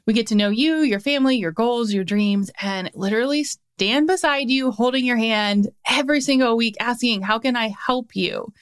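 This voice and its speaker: A woman's voice: a little high, normal speed, hardly any pauses, smooth. A young adult woman hosting a solo motivational podcast, talking in an upbeat, encouraging way with lots of emphatic repetition, into a podcast mic. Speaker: podcast host.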